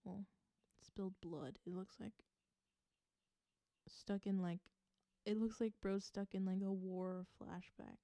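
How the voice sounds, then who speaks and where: A woman lays out a tarot reading in a relaxed, musing way, trailing through fillers and soft asides. Her voice is deeply mellow and unhurried. The sound is close and dry. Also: no room sound. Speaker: tarot reader.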